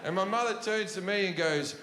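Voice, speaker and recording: Man, stand-up comic, profane, rambling, high bright voice, live hall reverb, faint audience noise. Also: brisk. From Australia. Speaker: stand-up comedian. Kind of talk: stand-up storytelling. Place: large comedy venue with audience.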